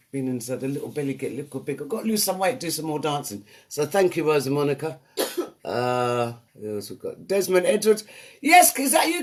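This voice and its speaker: Upbeat guy hosting a live show, fairly high voice, reading out names from the chat. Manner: lively, playful, shouting out names one after another. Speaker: host.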